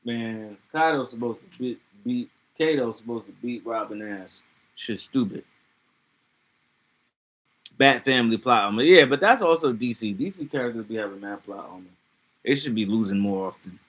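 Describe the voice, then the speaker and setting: A man chatting casually on a livestream, reacting to comments with loose, profane talk and laughing asides. His voice sits at an ordinary pitch for a man with a bright, edgy timbre. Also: moderate pace.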